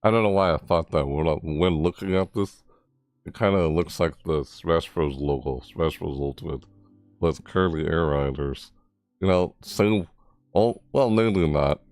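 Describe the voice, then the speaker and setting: A young man giving live reaction commentary, rambling and excitable, often breaking into laughter. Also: rumbling low, unhurried, dry recording, faint music behind. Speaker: reaction streamer.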